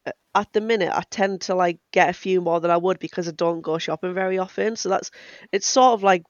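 A woman's voice: lowish voice, steady tone, brisk, no room sound, lo-fi sound. A young woman, chatting casually and telling sassy stories as a co-host. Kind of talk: casual chat.

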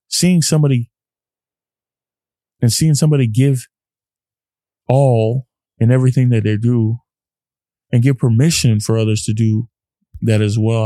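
Host type: tired earnest man, gravelly, dry close sound, motivational solo talk. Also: medium pitch, dark tone, dry recording. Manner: earnest, preachy, self-talking. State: lying down, tired. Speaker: podcast host. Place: home, lying on carpet.

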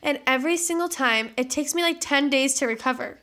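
A woman's voice: sits high, a little fast, sharp tone. A tired young woman co-hosting a podcast, easygoing and chatty, swearing casually. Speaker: podcast co-host. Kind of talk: casual chat.

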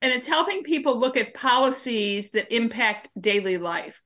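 A woman's voice: a little high, expressive, normal speed, pushed and bright. A woman guest in an interview, explaining her civic training work through everyday examples and anecdotes. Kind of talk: conversational interview answers.

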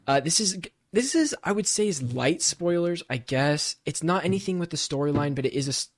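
A man's voice: fairly high pitch, fairly quick, no room sound, studio quality. A young man co-hosting a casual gaming podcast, telling a story with rising, worked-up energy. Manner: animated storytelling, rises when worked up. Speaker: podcast co-host.

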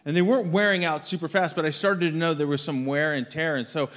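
A man's voice: a little high, fairly even intonation, fast talker, fairly bright tone. Man telling a story in a sermon. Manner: storytelling, conversational, acts out quotes. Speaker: guest speaker. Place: church hall with audience.

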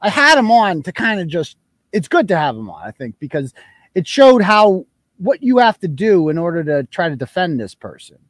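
A man's voice: high-pitched, sing-song, moderate pace, no room sound. A man hosting a livestream, talking bluntly and sarcastically, often crude. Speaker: host. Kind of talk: livestream commentary.

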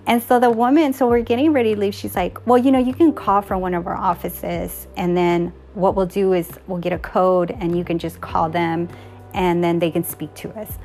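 A woman's voice: lowish voice, fairly even intonation, moderate pace, darkish tone, slight background noise. A woman casually retelling a personal story, acting out the dialogue and laughing now and then.

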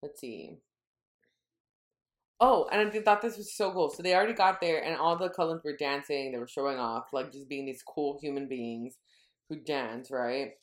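Woman, podcast co-host, casual recap, low voice, rambling with self-corrections. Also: moderate pace, roomy sound. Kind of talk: casual book recap chat.

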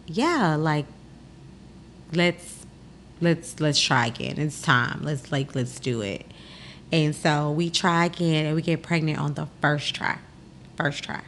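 Speaking slowly with long pauses, this young adult podcast host has a low voice, and there's slight background noise. She casually recounts a personal story, animatedly performing the voices of everyone involved.

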